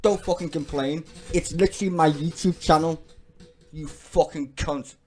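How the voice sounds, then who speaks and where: British man, swearing reaction commentary, scornful rant, slightly high voice. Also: fairly even intonation, moderate pace, darkish tone. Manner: profane, scornful ranting. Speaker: YouTube commentator.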